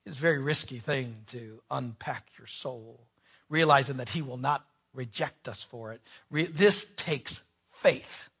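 A man preaching a sermon, reading scripture dramatically, swinging from hushed asides to shouted pleas. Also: medium pitch, unhurried, breathy edge.

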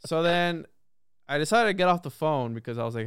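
A young man telling a long story in a casual podcast chat, animated and full of swearing and restarts. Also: fairly high pitch, gravelly, smooth, no echo, studio quality. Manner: animated, heavy swearing, quick repeated restarts. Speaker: podcast guest.

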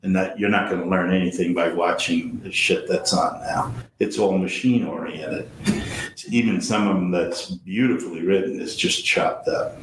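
An older man, a veteran actor, telling animated anecdotes in an interview and acting out his friends' lines. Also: deep voice, normal speed, reverberant, noisy background. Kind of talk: storytelling interview.

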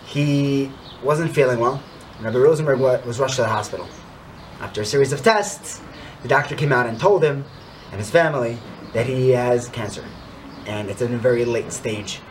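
A man telling a story in a weekly Torah talk, dropping to a hushed tone for tense moments and rising when he urges his listeners on. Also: fairly high pitch, slight background noise. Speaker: Torah speaker.

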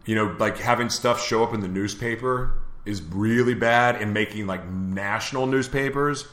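A man's voice: fairly low pitch, moderate pace, fairly bright tone, reverberant. A man hosting a live talk show, telling a personal story in a candid, earnest way. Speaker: host.

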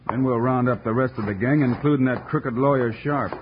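A man playing a steady, commanding western hero in 1950s radio acting, on a lo-fi transcription. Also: medium pitch, fairly quick, a little hiss or hum, natural voice. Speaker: western hero Wild Bill Hickok.

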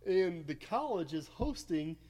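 A man in his late thirties co-hosting a casual podcast, an animated storyteller who gets fired up. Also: sits high, a little slow. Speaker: podcast co-host. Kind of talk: casual chat. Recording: faint background noise, early podcast.

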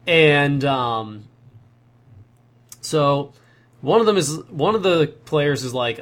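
A man's voice: on the high side, lively intonation, slow, pauses often, a bit bright. A young man in casual chat, telling a long story in a rambling way and correcting himself as he goes.

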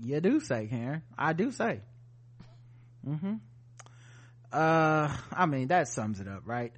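A man's voice: a little high, sing-song, takes it slowly. A man co-hosting a podcast, reading out news items and joking about them in casual chat. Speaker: podcast co-host.

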